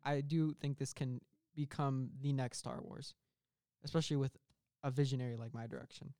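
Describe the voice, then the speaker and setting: Rambling young man pitching a silly film. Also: fairly even intonation, warm tone, dry recording, clean studio sound. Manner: rambling, halting, full of fillers and laughs. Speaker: comedy podcast co-host pitching a film. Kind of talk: casual improvised comedy chat.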